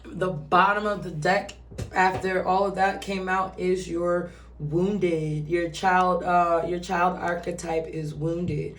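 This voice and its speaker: A woman's voice: fairly low pitch, level tone, takes it slowly, fairly bright tone, slight background noise. A woman giving a casual, chatty tarot reading who swears and acts out quoted voices. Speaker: tarot reader. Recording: roomy echo, distant from mic.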